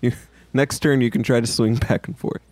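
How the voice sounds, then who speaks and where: A man's voice: medium pitch, steady tone, brisk, darkish tone, no echo. A man runs a tabletop game with an easygoing, laughing manner. His voice sits in the middle of the male range. The recording is dry and close. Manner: laughs often, easygoing rulings. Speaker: game master.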